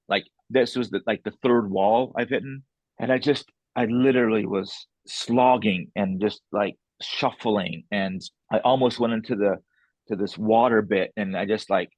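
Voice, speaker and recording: A man, an author guest, candidly recounting a personal story in a casual interview with an animated, self-deprecating manner. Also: fairly low pitch, dry recording, rough recording.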